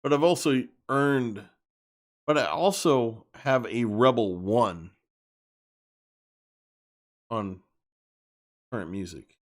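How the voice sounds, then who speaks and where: In a slow, medium-pitched voice that pauses often, a man rants freely to his live-stream audience. Blunt and emphatic, he repeats himself, circling back to the same points.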